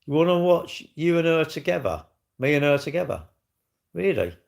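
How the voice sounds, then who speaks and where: A man's voice: on the high side, sing-song, normal speed, gravelly, darkish tone. A middle-aged man hosting a casual livestream, cheekily bantering and reading viewer comments aloud before answering them. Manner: cheeky, blunt and jokey. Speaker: livestream host.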